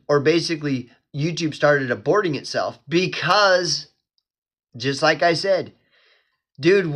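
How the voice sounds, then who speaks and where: A man hosting his own channel, rambling in a profane casual rant, full of "dude" and "bro", flaring into angry quotes. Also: on the high side. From Oklahoma. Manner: flares up into angry shouted quotes. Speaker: channel host. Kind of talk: casual ranting monologue.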